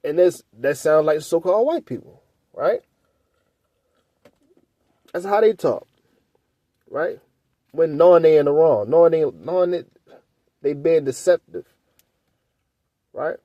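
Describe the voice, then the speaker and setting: A man's voice: fairly high pitch, measured pace, pauses often, warm tone, no echo. A man leading a casual scripture study, reading verses aloud and breaking into loose, blunt commentary that he often ends with a questioning "right?". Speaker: Bible teacher.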